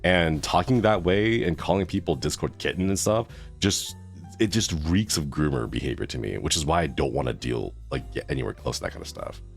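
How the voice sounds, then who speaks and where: A man's voice: a bass voice, fairly quick, creaky, soft background music. A man in his thirties chatting casually on a live stream, reacting to chat with groans and laughs. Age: 30s.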